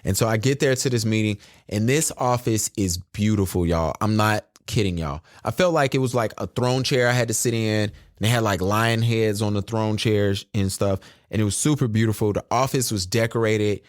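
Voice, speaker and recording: A man on a podcast as a guest, telling a story in an animated, chatty way and addressing listeners as y'all. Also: fairly low pitch, moderate pace, hardly any pauses, dry recording, clean studio sound. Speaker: guest photographer.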